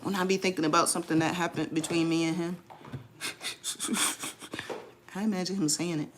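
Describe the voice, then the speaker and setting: A woman's voice: on the low side, steady tone, normal speed, noisy background. A woman, chatting casually and teasingly with viewers on a live stream, laughing often.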